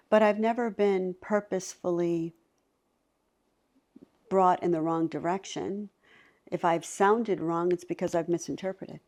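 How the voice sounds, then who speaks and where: A middle-aged woman, a psychic medium, telling stories in a conversation and acting out the voices of the people in them. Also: fairly low pitch. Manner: animated, acts out voices in her stories. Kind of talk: storytelling in a conversation.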